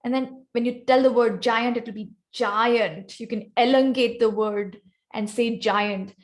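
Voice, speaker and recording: A woman with an Indian accent talks at normal speed in a slightly high, darkish voice with fairly even intonation. As guest speaker at an online club workshop, she teaches vocal variety and calls on volunteers by name.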